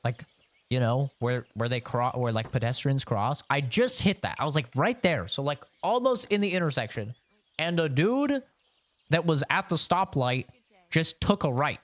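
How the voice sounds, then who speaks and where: Animated man telling stories on stream. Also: mid-range voice, normal speed, no room sound. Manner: loose storytelling with swearing and laughter. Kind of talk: casual chat while gaming.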